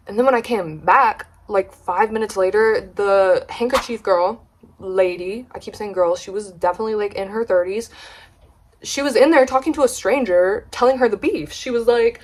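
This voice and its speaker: A woman's voice: mid-range voice, brisk. A young woman vlogger chatting casually, retelling a story with slang and gossipy asides.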